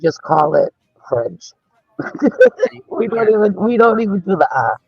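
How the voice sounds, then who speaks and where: A man's voice: high voice, big pitch swings, unhurried, gravelly, breathy edge, dry recording, muffled recording. A man with a Boston accent calling into a livestream panel, joking and laughing. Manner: jokey, laughing. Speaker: panel caller. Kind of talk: casual livestream chat.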